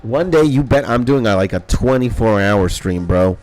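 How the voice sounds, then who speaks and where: A young man streaming a game, rambling excitably in casual chat and swearing a lot. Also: fairly low pitch, normal speed. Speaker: gaming streamer. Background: faint background music.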